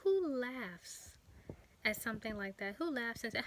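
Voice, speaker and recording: Earnest woman vlogger, bright voice. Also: fairly high pitch. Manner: halting, earnest, many fillers. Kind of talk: personal testimony vlog.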